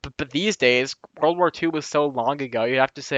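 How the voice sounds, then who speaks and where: A man's voice: mid-range voice, brisk, a bit bright, dry recording. Man, casual review monologue, opinionated, chatty asides, muffled lo-fi audio. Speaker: video reviewer.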